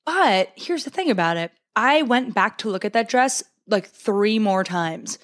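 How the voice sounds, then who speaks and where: A woman co-hosting a podcast in casual chat, telling a story and acting out quotes in high, excited voices. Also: a little slow, dry recording, studio quality. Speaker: podcast co-host.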